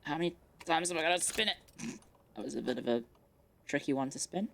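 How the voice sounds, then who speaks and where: Low-voiced nervous woman streaming a game. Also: lively intonation, a little fast, gravelly, a little hiss or hum. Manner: chatty, nervous, repeats herself when spooked. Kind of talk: live game stream commentary. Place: bedroom at home. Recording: faint music in background.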